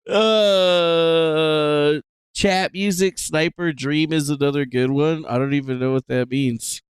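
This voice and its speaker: A man's voice: fairly high pitch, steady tone, normal speed, few pauses, clear, resonant tone, dry recording, clean studio sound. A man streaming, reacting to clips in crude, loose, laughing talk. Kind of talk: casual reaction commentary.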